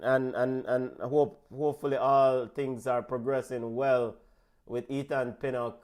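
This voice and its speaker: A man with a Jamaican accent hosting a casual football watch-along, excitable and quick to shout out names and give big-ups. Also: mid-range voice. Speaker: football show host.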